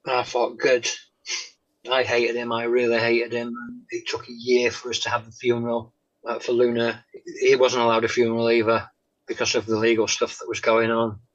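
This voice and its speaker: A man, a guest telling his faith testimony in an interview, halting with many pauses and "um"s and often dropping to a soft tone. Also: medium pitch, completely flat delivery. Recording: dull lo-fi sound.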